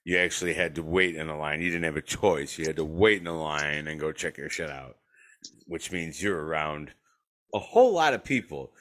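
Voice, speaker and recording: Man, very low voice, casual podcast storytelling, profane, laughs often, acts out quoted voices. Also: expressive, normal speed, fairly bright tone. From western New York. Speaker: podcast host. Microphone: remote call.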